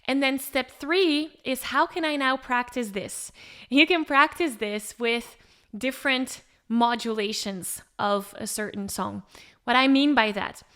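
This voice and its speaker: A woman vocal coach explaining pitch step by step in an encouraging way, with short sung demonstrations. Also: unhurried, sharp tone. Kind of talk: singing lesson with sung demonstrations.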